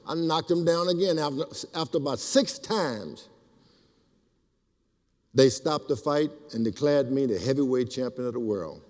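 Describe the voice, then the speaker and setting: An older man telling animated stories at a speaking event, acting out the voices in his quotes. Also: mid-range voice, normal speed. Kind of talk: storytelling speech. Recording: reverberant hall.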